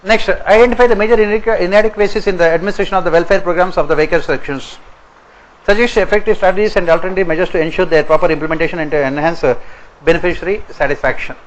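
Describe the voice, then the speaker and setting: A man's voice: high-pitched, lo-fi sound. Indian man dictating points in a class. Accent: Indian English. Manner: repeats each point slowly for note-taking. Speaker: exam coaching teacher.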